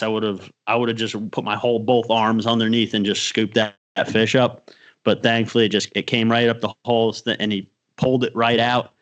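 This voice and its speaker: A man co-hosting a fishing podcast, telling a story in an excited, animated way during a casual chat. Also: mid-range voice. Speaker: podcast co-host.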